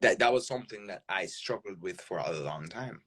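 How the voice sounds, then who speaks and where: Deep-voiced and animated, a Jamaican man from Jamaica speaks a little fast with a fairly bright tone. He's a content creator guesting on a podcast, keeping the interview talk casual, stressing words heavily, and asking "right?" again and again.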